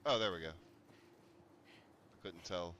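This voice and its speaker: A man's voice: sits low, slow, muffled recording, noisy background. A man streaming a game, chatting casually and rambling, breaking into laughter and startled yelps. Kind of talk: casual gameplay commentary.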